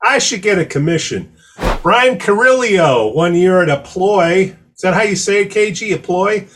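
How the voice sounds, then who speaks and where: A man's voice: high voice, lively intonation, moderate pace, fairly bright tone. A man co-hosting a casual podcast, joking and teasing the guest. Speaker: podcast co-host.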